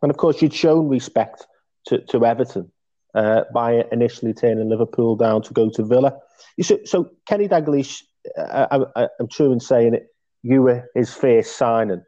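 A man's voice: medium pitch, normal speed, warm tone. A man interviewing a guest, asking questions hesitantly with many fillers and murmured agreement. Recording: slightly dull lo-fi audio.

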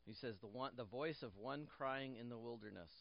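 A man's voice: mid-range voice, a little fast, vocal fry, highs cut off. A male pastor preaching a sermon in church, repeating key phrases and restarting lines, with light jokes for the congregation.

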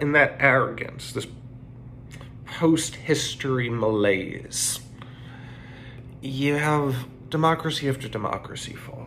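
A man's voice: mid-range voice, vocal fry, fairly bright tone, slight background noise. A man giving a casual political commentary monologue, rambling and opinionated, with frequent restarts.

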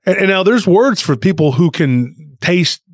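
A man retelling a listener's story on a podcast, animated and rambling, with frequent restarts. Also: high voice, measured pace, no echo, clean studio sound. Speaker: podcast co-host.

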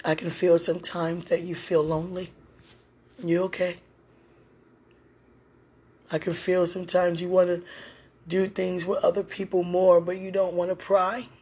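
This woman speaks on the low side in a level, darkish, husky voice, unhurried and marked by long pauses. She's a podcast host and mother talking from home, intimately and one-sidedly, to a listener; her tone is affectionate, she laughs often, and she keeps calling out to God.

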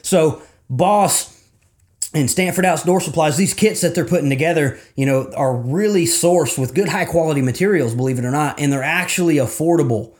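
A man's voice: fairly high pitch, normal speed, darkish tone. A man hosting a podcast, reading sponsor spots in a casual, enthusiastic way, full of fillers like "you know" and calling listeners "guys". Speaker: podcast host.

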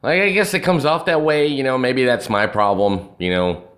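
A man's voice: mid-range voice, normal speed, fairly bright tone. An American man with a rural accent, talking bluntly and brashly as a podcast guest, swearing heavily and saying "you know" often. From USA. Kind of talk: casual chat.

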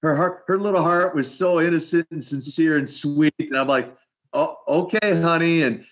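An older man, a retired wrestler, telling lively stories in an interview and acting out the quotes. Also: on the high side, moderate pace. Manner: lively storyteller, acts out quotes. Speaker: retired pro wrestler guest. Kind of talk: animated storytelling interview. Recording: muffled lo-fi audio.

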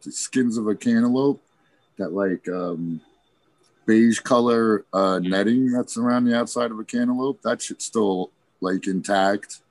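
Laid-back low-voiced man, rambling. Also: unhurried, no room sound. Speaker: podcast host. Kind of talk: casual chat. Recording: faint background noise.

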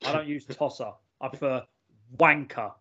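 A man's voice: a little high, animated, moderate pace, muffled recording, slight background noise. A man with an English accent, co-hosting a podcast in casual, mock-indignant banter. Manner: loud, swearing, mock-indignant. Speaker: podcast co-host.

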